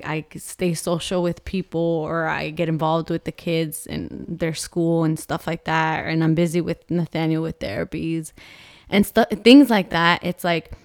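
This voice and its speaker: A woman's voice: on the low side, smooth, no echo, clean studio sound. A woman in her thirties, a mother co-hosting a vlog, talking earnestly and openly about her feelings with many casual fillers. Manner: earnest and open, with frequent fillers. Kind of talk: candid personal vlog talk.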